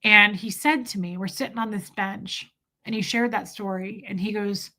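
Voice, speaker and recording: A woman with a mid-range voice, a steady, sharp tone, and a moderate pace hosts a livestream. She confides a heartfelt personal story to her chat, restarting her sentences many times.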